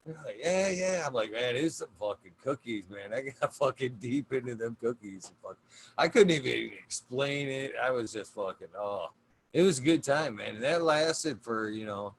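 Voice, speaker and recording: A man's voice: mid-range voice, animated, moderate pace, slightly rough. A man hosting a casual podcast, laid-back and swearing constantly as he laughs through a story about his day. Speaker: podcast host.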